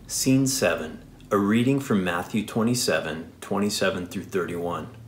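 A man reading scripture aloud in a church, steady and measured. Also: deep voice, reverberant, a little hiss or hum. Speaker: scripture reader.

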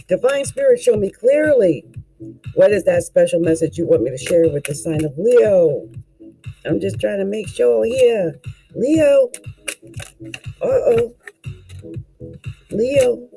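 Tarot reader doing a casual card reading, voice all over the place pitch-wise, hypes up the listener, folksy coach vibe, soft music behind. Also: poor audio. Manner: animated and exclamatory, talks straight to the listener.

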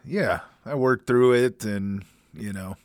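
A man's voice: on the low side, slow pace, a little mellow, dry recording, clean studio sound. A man co-hosting a casual podcast chat, laid-back and often chuckling. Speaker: podcast co-host.

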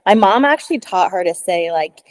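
A young woman co-hosting a casual podcast about dog training. She talks in a loose, chatty way, full of fillers, and slips into playful quoted voices. Her voice sits at an ordinary middle pitch. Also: animated, a little fast.

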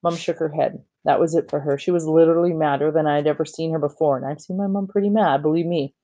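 Brief: casual storybook reader, kid-like delivery, warm and mellow. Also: mid-range voice, fairly even intonation, quick pace, highs cut off. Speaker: audiobook reader. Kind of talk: reading a children's novel aloud, first-person narration.

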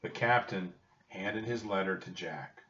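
A man reading a children's chapter book aloud with expressive storytelling. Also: deep voice, unhurried. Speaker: audiobook reader. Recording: distant roomy dull home recording.

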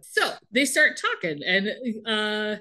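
A chatty woman recapping a soap episode with lively storytelling and frequent laughs. Her voice sits at an ordinary mid pitch, relaxed and conversational. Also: slow. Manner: animated, storytelling, laughs often. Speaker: podcast co-host recapping a TV show. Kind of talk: casual chat, recapping episode.

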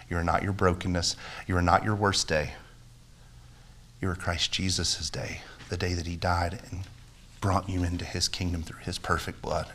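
A man's voice: deep voice, a bit bright, slight background noise. A man preaching a sermon as pastor, earnest and emphatic, with repeated phrases and a closing prayer that builds in intensity. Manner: prays with rising intensity.

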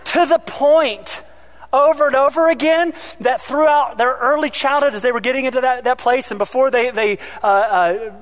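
A pastor preaching a sermon, animated, swinging between loud emphasis and quiet asides, with joking remarks to the congregation. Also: male voice, very high-pitched, moderate pace.

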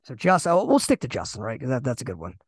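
A young man co-hosting a casual sports podcast, animated and ranting, often repeating himself. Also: medium pitch, rapid-fire, breathy edge, no room sound. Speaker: podcast co-host.

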